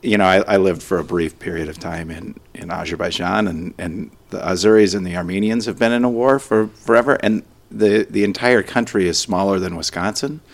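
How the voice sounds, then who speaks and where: A man's voice: sits low, a little fast, gravelly, few pauses. A man hosting a podcast, joking and rambling in a casual chat. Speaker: podcast host.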